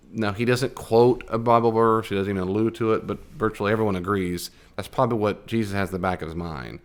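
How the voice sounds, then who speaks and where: A man with an American accent teaches a Bible study class in a loose, conversational way. His voice sits fairly low, and he keeps turning to the room with questions. He acts out the scripture lines he quotes as he goes. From United States.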